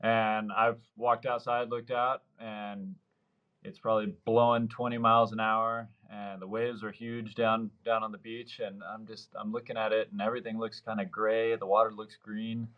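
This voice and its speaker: A man's voice: fairly low pitch, moderate pace, dull audio. A man in his thirties, a surf fishing guide, telling stories casually in a podcast interview and acting out the lines of the people in them. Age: 30s. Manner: lively storyteller, acts out quoted dialogue.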